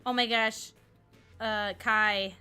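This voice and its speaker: Bright-voiced chatty woman streamer. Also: a little high, fairly even intonation, slow pace, clear, resonant tone, soft background music. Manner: chatty, storytelling, lots of "I was like". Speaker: streamer host. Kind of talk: casual chat while gaming.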